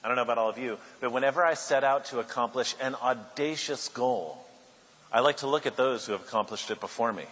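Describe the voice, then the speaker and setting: A man giving a keynote speech at a luncheon, an animated storyteller who builds to loud outbursts. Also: medium pitch, husky. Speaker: keynote speaker. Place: large banquet hall. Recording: echoey hall, faint ambience.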